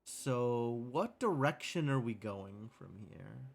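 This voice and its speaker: A male livestreamer with a mid-range, gravelly voice offers casual gameplay commentary, speaking slowly but with animation. He thinks aloud, asking himself questions, and chats with viewers, laughing easily.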